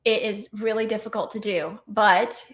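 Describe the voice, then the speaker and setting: A woman's voice: medium pitch, steady tone, normal speed, fairly bright tone. A woman co-hosting a casual livestream with her husband, speaking candidly and acting out quotes with animation. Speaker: co-host. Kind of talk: casual couple's livestream talk.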